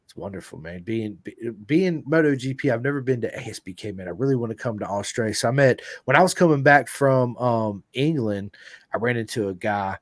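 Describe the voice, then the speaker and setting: An American man hosts a casual podcast chat, his voice set at an ordinary middle pitch. He sounds eager and slangy, tossing out "dude" and "bro." The sound is close and dry, with no room echo. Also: expressive, brisk. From United States. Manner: enthusiastic, slangy, calls guest dude and bro. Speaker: podcast host.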